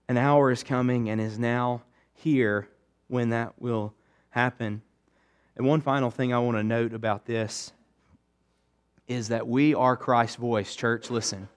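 A male pastor preaching a sermon to his church, emphatic, swinging between raised urgency and hushed intensity. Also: mid-range voice, unhurried.

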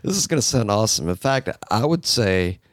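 A man's voice: lowish voice, sing-song, fairly quick, dry recording, clean studio sound. A man co-hosting a podcast in casual chat, jokey and rambling, laughing often as he reads a listener's message. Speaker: podcast co-host.

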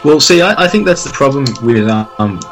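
A man in a casual podcast chat, speaking haltingly with many pauses and restarts. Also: fairly high pitch, big pitch swings, a bit bright, soft background music.

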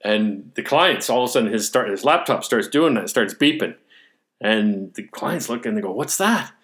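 A low-pitched man chats easily with an old friend, trailing off and restarting as he recalls past days. His storytelling is loose and unhurried, full of "uh" and "you know". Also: lively intonation, a bit bright. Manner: rambling reminiscing, frequent restarts and fillers. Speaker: interviewer. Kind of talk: casual conversation.

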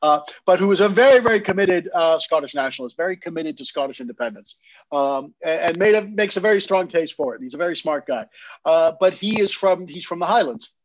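A man's voice: a little high, expressive, fairly quick, no echo, highs cut off. A man from New England co-hosting a podcast, talking things through in a thoughtful, hedging way with frequent restarts. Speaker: podcast co-host. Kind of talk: casual discussion.

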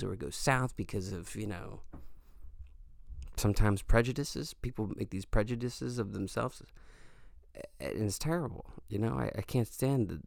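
A man's voice: lowish voice, creaky, no room sound, studio quality. A man hosting a solo podcast, talking in a rambling, earnest and joking way with lots of fillers. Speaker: podcast host. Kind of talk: casual solo podcast monologue.

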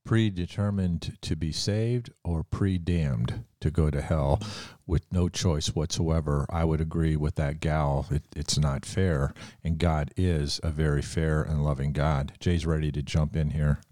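A man's voice: a bass voice, steady tone, a little slow, few pauses, mellow, no room sound, clean studio sound. A man co-hosting a discussion about faith, speaking fervently, as if giving a testimony. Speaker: co-host. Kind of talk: casual chat.

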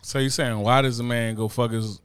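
A man's voice: medium pitch, little pitch movement, brisk, clean tone, no echo. A man on a casual podcast chat, talking bluntly and with lots of profanity, often checking in with "you know what I mean". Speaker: podcast co-host.

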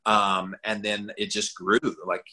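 A man with a Southern accent, a podcast guest chatting casually and telling lively stories. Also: measured pace, poor audio. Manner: animated storyteller, jumps up in pitch for quoted voices.

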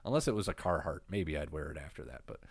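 A man's voice: very deep voice, fast, gravelly, no echo, clean studio sound. A man co-hosting a casual recap chat, laid-back and swearing freely, getting over a cold. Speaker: podcast co-host recapping wrestling.

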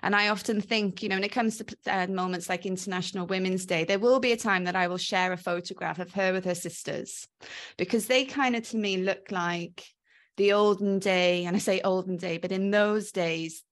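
A woman's voice: medium pitch, steady tone, moderate pace. A woman in her forties with a blended Welsh and Australian accent, telling her life story as an interview guest, reflective and full of ums. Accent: mixed Welsh and Australian. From South Wales. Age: 40s. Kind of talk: casual interview chat.

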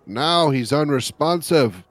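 A man's voice: on the high side, animated, takes it slowly. A man hosting a podcast in casual chat, dry and wisecracking as he reads out items and wraps up the show. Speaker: podcast host.

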